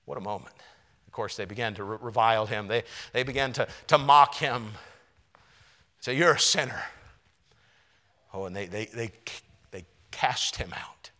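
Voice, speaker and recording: A man's voice: on the low side, moderate pace, a bit bright. A man preaching a sermon, earnest and often repeating words as he searches for the next one. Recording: long reverb of a large hall.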